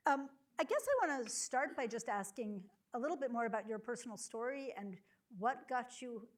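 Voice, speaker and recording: A middle-aged woman moderating a public conversation before an audience, welcoming and relaxed with frequent ums and uhs. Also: a little high, moderate pace. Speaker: university chancellor moderating a campus conversation. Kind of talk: hosting a public onstage conversation. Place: lecture hall before a live audience.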